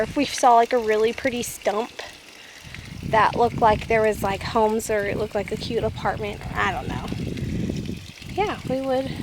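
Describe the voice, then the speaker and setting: A woman's voice: on the high side, slight background noise, low-quality recording. A woman vlogging on an outdoor mountain trail, chatting playfully and giggling often. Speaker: travel vlogger. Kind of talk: casual chat while hiking.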